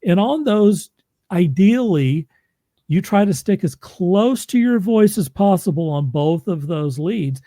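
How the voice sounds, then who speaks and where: A man's voice: high voice, lively intonation, unhurried, warm tone, dry recording. A man from Oklahoma, a podcast host and audiobook narrator, chatting casually and laughing easily. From Oklahoma, USA. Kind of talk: casual interview chat.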